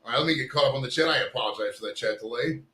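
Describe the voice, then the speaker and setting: Speaking very fast with a bright, forceful tone and a medium pitch, this live show host rambles and curses as he works on his camera equipment during a casual stream. His voice carries a roomy echo.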